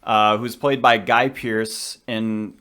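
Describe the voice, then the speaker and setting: A man's voice: on the low side, level tone, pushed and bright, smooth. A man co-hosting a podcast, chatting casually and with strong opinions about a film. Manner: chatty, opinionated, quick asides. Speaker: podcast co-host.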